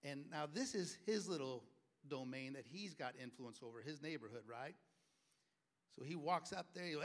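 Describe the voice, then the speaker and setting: A man preaching in a storytelling way, his voice sitting a bit higher than most men's. He swings from quiet asides up to loud, forceful quoted lines. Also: lively intonation, moderate pace. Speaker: pastor. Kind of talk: sermon.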